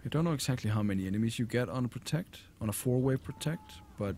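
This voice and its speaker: A man giving casual, rambling commentary over his own gameplay, relaxed and full of fillers. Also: medium pitch, fast, hardly any pauses, a little hiss or hum. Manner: laid-back, rambling, with fillers. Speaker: gamer commentator.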